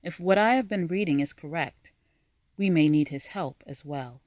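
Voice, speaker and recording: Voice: mid-range voice, normal speed, no echo, natural voice. Solemn young court storyteller woman, read by a narrator. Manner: calm, solemn.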